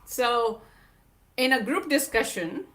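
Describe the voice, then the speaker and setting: Slow, bright-voiced woman telling her story. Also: a little high, lively intonation. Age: adult mother of a young child. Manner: earnest, emphatic, repeats phrases. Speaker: guest speaker. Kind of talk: personal storytelling talk.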